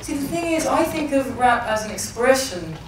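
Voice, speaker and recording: An English novelist in her thirties, a guest in a public conversation, speaks in a high-sitting, animated voice at a moderate pace. She is thoughtful yet hesitant and keeps restarting sentences. She's far from the mic in a big echoey hall, with a little hiss or hum.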